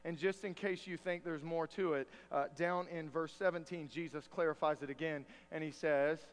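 A man's voice: on the high side, steady tone, moderate pace, big-room sound, soft background music. A man preaching a sermon as pastor, a folksy storyteller who jokes with his church.

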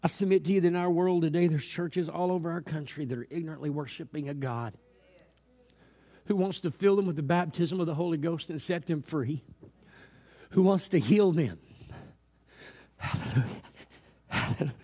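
Guy preaching a sermon, kinda high voice, storytelling then gets fired up, lots of hallelujahs. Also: brisk. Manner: storytelling that builds to loud, fervent preaching; repeated hallelujahs and restarts.

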